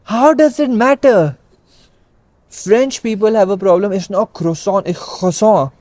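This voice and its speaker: Exasperated high-voiced young man ranting. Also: expressive, a little mellow, no room sound. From India. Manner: exasperated, emphatic, rapid-fire listing. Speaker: podcast co-host. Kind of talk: ranting casual chat.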